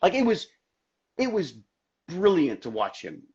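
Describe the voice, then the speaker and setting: A man guesting on an interview, telling stories in an animated, rambling way with many restarts, heard over a video call. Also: sits high, measured pace, husky. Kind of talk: casual interview chat. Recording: dull lo-fi social media livestream audio.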